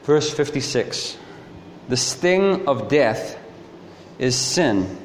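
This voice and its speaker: Lively preacher in an echoey hall. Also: male voice, medium pitch, drawn-out words, a little hiss or hum. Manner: animated storytelling, asks rhetorical questions. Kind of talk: sermon. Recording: echoey hall with faint ambience.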